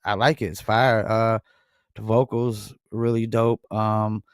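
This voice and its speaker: A man's voice: on the low side, flat delivery, slow, smooth, no room sound, studio quality. A man with a Southern US accent hosting a music review livestream, talking casually with a lot of fillers. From North Carolina. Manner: laid-back, rambling, frequent um and I mean. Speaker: music review show host.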